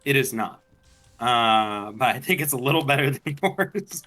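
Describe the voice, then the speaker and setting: A man's voice: medium pitch, expressive, moderate pace, sharp tone. A man chatting on a game stream, arguing points in a careful, lecturing way. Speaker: streamer co-host. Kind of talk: casual chat while gaming.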